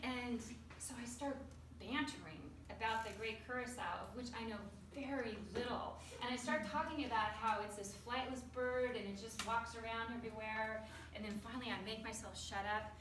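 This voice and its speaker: A woman telling a personal story to a live audience, lively and often laughing at her own tale. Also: a little high, moderate pace, hardly any pauses. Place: storytelling event before an audience. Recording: roomy live recording from a distance, noisy.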